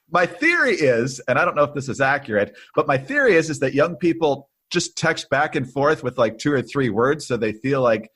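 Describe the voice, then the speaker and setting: A man's voice: mid-range voice, moderate pace, fairly bright tone, slightly rough, dry recording, studio quality. A man co-hosting a conservative political podcast, trading wry, easygoing banter with his co-host.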